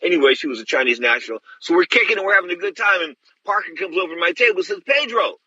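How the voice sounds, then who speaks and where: A man's voice: high voice, very fast, pushed and bright, breathy edge, dry recording, lo-fi sound. A middle-aged man hosting a show, telling stories bluntly and rambling with many restarts. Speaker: host. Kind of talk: casual storytelling.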